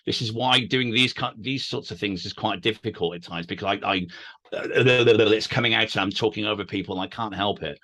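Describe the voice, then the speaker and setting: Man, tenor, bright forceful tone, quick animated chatter, guest on a talk show. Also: lowish voice. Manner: naturally very fast talker, animated, self-deprecating. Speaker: guest radio DJ and author. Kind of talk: casual interview chat.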